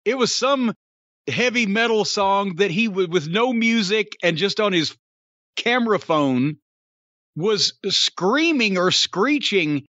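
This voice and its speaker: A man's voice: sits high, expressive, takes it slowly, bright, forceful tone, dry recording, muffled recording. An older man hosting a podcast, with a dry, sardonic and mocking way of talking. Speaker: podcast host. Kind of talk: sarcastic casual podcast chat.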